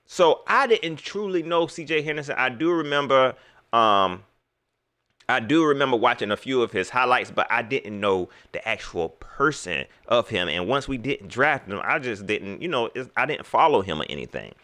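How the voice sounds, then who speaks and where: A man running a casual sports talk livestream, talking straight to his viewers in loose slang and repeating himself. His pitch swings widely as he gets worked up, and his tone is bright and forceful. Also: lively intonation, normal speed. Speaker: sports talk show host.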